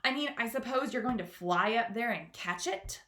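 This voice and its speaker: Lady doing a huffy earthworm guy, sharp and loud, storybook read-aloud, echoey room. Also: fairly high pitch, lively intonation, moderate pace, voice pushed up. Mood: indignant. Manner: scornful, sharp, exclaiming. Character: grumpy indignant male earthworm.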